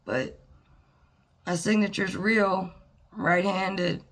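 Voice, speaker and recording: A woman speaks slowly and plainly, taking her time between thoughts. Her voice carries a gravelly, creaky edge, and she pauses often, sighing as she reflects in an earnest, personal monologue. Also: medium pitch, fairly even intonation. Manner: halting, with pauses and sighs. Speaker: vlogger.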